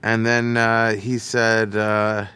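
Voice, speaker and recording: A man telling a story as an interview guest in a casual, animated way, slipping into the voices of the people he quotes. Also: fairly low pitch, slow pace, smooth, dry recording.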